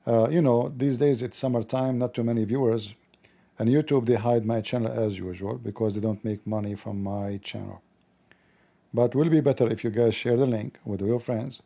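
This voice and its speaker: A man hosting a livestream, talking in a sarcastic, mocking comedic monologue with a gravelly voice. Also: medium pitch, fairly even intonation, moderate pace, mellow. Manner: sarcastic, mocking, acts out dialogues. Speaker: livestream host.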